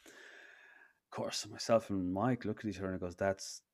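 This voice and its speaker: A man's voice: sits low, steady tone, moderate pace, a little mellow. A man in his thirties, a breathwork facilitator, telling a personal story in a casual interview with many restarts. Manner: rambling with frequent restarts.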